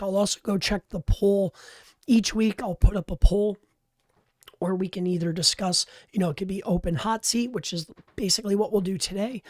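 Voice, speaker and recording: A hoarse man with a worn-out voice hosting a casual live stream, talking close to the mic in an animated, chatty way. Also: high-pitched, dry recording. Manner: animated, chatty, laughs easily. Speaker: host of a live coaching stream. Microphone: close-up microphone.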